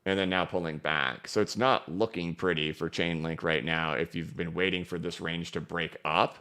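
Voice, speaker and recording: A man's voice: deep voice, clean tone. A man hosting a live-stream crypto market show, talking emphatically while he goes through charts and reads viewer questions. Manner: energetic, emphatic, talks fast. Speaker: crypto market analyst host.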